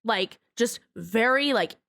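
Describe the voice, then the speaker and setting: A young adult woman guest on a casual podcast, recounting a story in an animated way and swearing freely. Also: a little high, slow, vocal fry. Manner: animated, swears freely, acts out other people's lines.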